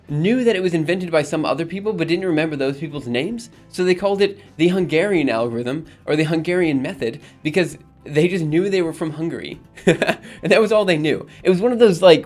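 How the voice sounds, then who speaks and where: Upbeat male streamer, a touch high-pitched, chats loosely with viewers while coding; soft music under him. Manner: rambling, upbeat, lots of fillers and laughs. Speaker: livestream host. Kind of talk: casual coding livestream chat.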